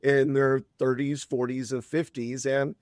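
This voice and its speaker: A man's voice: mid-range voice, flat delivery, unhurried, darkish tone, dry recording, studio quality. A man in his fifties, a podcast guest, telling a long personal story in a chatty, rambling way with frequent restarts. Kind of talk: casual storytelling.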